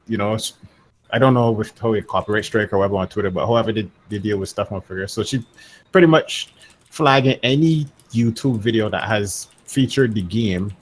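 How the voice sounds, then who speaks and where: A man's voice: fairly low pitch, a little fast, a little hiss or hum. A man co-hosting a casual gaming podcast, offhand and joking, swearing for laughs. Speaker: podcast co-host.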